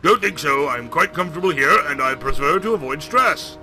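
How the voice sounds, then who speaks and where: Man playing a curt, grumbling banker, bright tone, slightly high voice. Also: lively intonation, brisk, soft background music, heavily acted. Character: grumpy overweight male banker, lazy and irritable.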